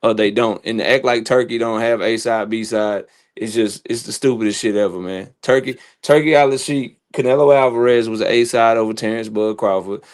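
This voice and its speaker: A man's voice: fairly low pitch, steady tone, a little fast, hardly any pauses. A man calling into a boxing live stream on his phone, ranting heatedly and stammering over repeated words. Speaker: co-host calling in. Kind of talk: casual live-stream chat.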